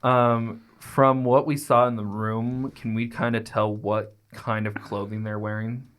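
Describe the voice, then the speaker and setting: A man's voice: fairly low pitch, level tone, a little slow, fairly bright tone, smooth. Man in casual play chat. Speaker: player.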